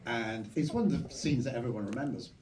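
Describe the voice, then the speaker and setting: Speaking in an onstage conversation, a male film director looks back in a relaxed, measured way, his voice mellow and low-key. Captured from the audience in a cinema auditorium, it sounds far off and echoey, with faint noise.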